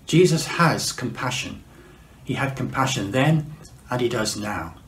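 Man, mid-pitched preacher, unhurried sermon delivery, reverberant hall sound. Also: expressive, fairly bright tone, slight background noise. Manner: measured, slows for emphasis, frequent fillers. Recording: echoey room.

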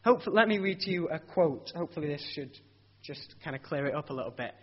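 A man's voice: a little high, animated, fast talker, husky. A man preaching a sermon in an earnest, conversational way, asking rhetorical questions and often restarting his sentences. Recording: dull lo-fi recording.

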